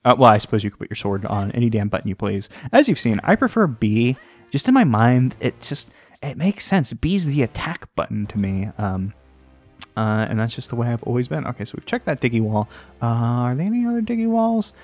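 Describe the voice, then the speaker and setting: A man hosting a let's play, rambling and joking at himself, often jumping into a high sing-song voice. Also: big pitch swings, fairly quick, darkish tone, faint music behind. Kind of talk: casual gameplay commentary. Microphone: desk microphone.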